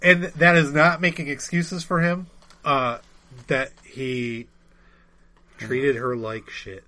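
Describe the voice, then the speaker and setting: A man co-hosting a podcast, chatting casually about comics and joking in a relaxed way, with frequent ums. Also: medium pitch, takes it slowly. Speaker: podcast co-host.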